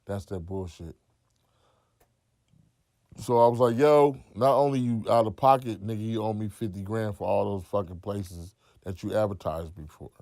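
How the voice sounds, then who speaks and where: A man being interviewed, telling a long profane story and acting out other people's quotes loudly. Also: fairly low pitch, moderate pace, no echo, clean studio sound. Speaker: interview guest. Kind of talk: animated storytelling.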